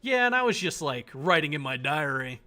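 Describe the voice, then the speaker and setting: Guy doing a high sweet fake-innocent schoolgirl, scheming underneath, lively swoops. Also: moderate pace, faint music behind. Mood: syrupy sweet. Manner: mock-innocent, high put-on voice.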